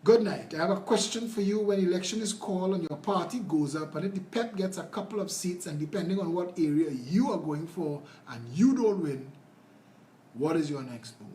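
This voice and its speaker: The man's voice sits high and sounds mellow and animated, moving at a moderate pace. Speaking with a Trinidadian accent, he is a political candidate answering comments on a casual livestream, earnest, rambling and conversational. Faint noise and a roomy quality mark the recording.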